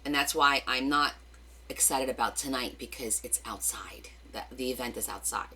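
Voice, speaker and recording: A woman's voice: very deep voice, moderate pace, pushed and bright, slightly rough. A middle-aged woman with a New Jersey accent, hosting a craft livestream, chatting casually and greeting viewers by name with rambling asides.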